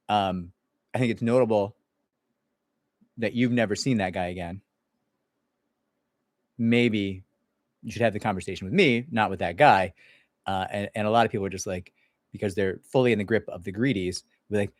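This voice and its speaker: Blunt sarcastic man with a low voice. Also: moderate pace, pauses often, no room sound, clean studio sound. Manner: blunt, sarcastic, acts out others in mock voices. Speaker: employment attorney and mediator. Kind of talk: casual livestream Q&A.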